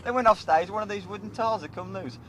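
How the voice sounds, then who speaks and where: High, animated young man recalling gigs. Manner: animated, quick to laugh, acts out quotes. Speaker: band member. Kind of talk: casual anecdote chat. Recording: noisy archive radio tape with engine rumble.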